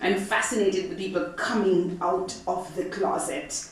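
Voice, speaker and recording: A middle-aged woman reading from her memoir to a live audience, expressive and profane with comic timing. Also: on the low side, a little slow. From Jamaica. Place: arts center event hall, audience present. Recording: echoey hall from far off, faint noise.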